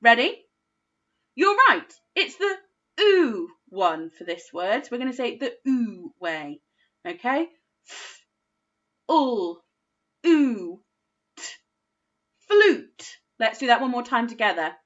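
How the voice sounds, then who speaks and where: A woman teaching a phonics lesson to young children, sounding out words slowly and praising often. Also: on the high side, very animated, bright, forceful tone, lo-fi sound. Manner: slow, sing-song sounding out of words, encouraging. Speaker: primary school phonics teacher.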